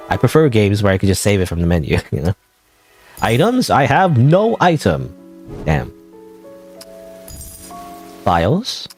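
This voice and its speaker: A man's voice: lowish voice, darkish tone. Rambling man streaming a game. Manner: rambling, unsure, self-questioning. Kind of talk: casual gameplay commentary.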